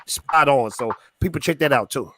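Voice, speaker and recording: A man's voice: medium pitch, moderate pace, a bit bright. A man on a live panel talking with enthusiasm, often hesitating with fillers. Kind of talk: casual live panel chat.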